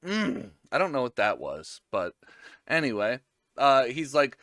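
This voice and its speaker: A man's voice: mid-range voice, big pitch swings, unhurried, fairly bright tone, dry recording, clean studio sound. A man casually recapping an anime episode, rambling and joking with frequent swearing.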